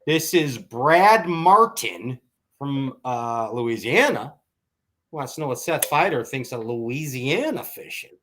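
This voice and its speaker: Podcast host, male, bright animated voice, unhurried teasing delivery. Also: medium pitch. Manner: laughs often, teasing. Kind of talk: casual chat.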